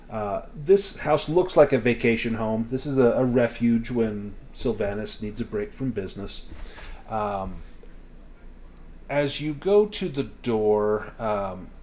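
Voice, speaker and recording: A man running a tabletop game as game master, narrating in a relaxed, descriptive way with some restarts. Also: medium pitch, slow.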